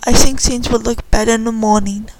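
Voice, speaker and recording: A woman voicing a kindly orphanage caretaker who talks in a quiet, soothing way. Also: fairly high pitch, flat delivery, a little fast, natural voice, rough recording.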